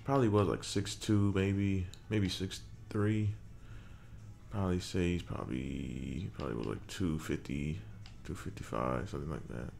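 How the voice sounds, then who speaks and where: A deep-voiced man with a gravelly, fry-heavy tone talks his way through a game's character creator. He mumbles half to himself, trailing off and cursing lightly, while faint music plays in the background. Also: normal speed, darkish tone. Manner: muttering to himself while working, mild swearing. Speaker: gaming creator. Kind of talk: casual game commentary.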